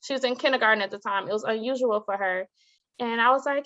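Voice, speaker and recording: A woman, a teacher and author, talking as an interview guest, telling stories with lively acted-out quotes and frequent laughter. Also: a little high, quick pace, muffled recording. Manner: animated storytelling, acts out quoted voices, laughs often. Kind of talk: casual interview talk.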